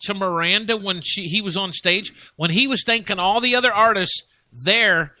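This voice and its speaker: A man's voice: sits high, normal speed, pushed and bright, no room sound. A man hosting a casual radio chat show, rambling and joking with plenty of fillers.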